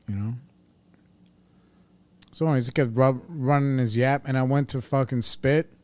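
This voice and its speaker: A man's voice: medium pitch, darkish tone, no room sound. Blunt profane New man. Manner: blunt, profane, streetwise storytelling. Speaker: podcast host. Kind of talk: casual storytelling monologue.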